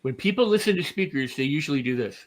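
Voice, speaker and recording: A middle-aged man, a guest author and speaker, talking animatedly in a casual podcast and acting out quoted voices. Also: fast. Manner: animated, acts out quoted voices with big pitch swings.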